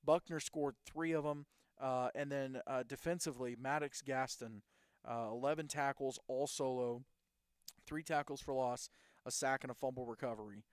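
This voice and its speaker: A man hosts a casual high school football talk show, his voice smooth and resonant at an ordinary middle pitch. He rambles through game recaps and reels off player stats. The sound is close and dry. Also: steady tone, normal speed, dry recording. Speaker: host.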